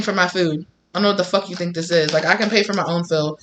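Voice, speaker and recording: Tarot reader for a casual video reading: bright tone, mid-pitched, talks bluntly with plenty of swearing. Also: steady tone, fast talker, hardly any pauses, a little hiss or hum. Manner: blunt and profane, acts out quoted people.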